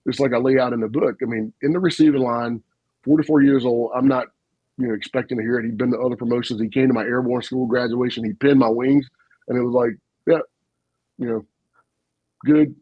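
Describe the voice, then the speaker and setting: Fast-talking muffled storytelling man. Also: medium pitch, slightly rough, no room sound. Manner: animated, folksy storyteller with frequent asides and laughs. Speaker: retired army officer guest. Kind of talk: casual storytelling on a podcast.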